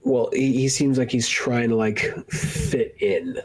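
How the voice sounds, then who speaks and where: A man with a slightly husky, breathy voice talks through a film in loose, rambling podcast chat. He keeps stopping to act out lines from it, jumping up in pitch when he does. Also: unhurried, darkish tone, low-quality recording. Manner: rambling, acts out movie lines in raised voices. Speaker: podcast co-host. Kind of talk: casual film review chat.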